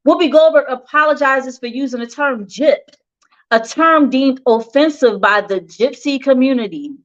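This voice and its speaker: A woman hosting a casual gossip news segment reads celebrity headlines at a moderate pace in a high, bright voice. She breaks off for chatty, frank, opinionated asides with laughs, and the recording sounds dull and lo-fi.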